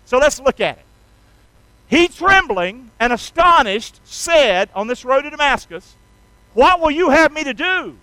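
A man's voice: extremely high pitch, expressive, normal speed, sharp tone, dry recording, rough recording. A man preaching a sermon in a folksy, emphatic way, drawing the congregation into call-and-response. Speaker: pastor.

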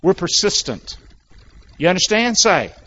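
Animated high-voiced preacher. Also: male voice, a little slow. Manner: call-and-response preaching, coaxing the congregation to repeat. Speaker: pastor. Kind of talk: sermon. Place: church sanctuary. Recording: dull lo-fi sound.

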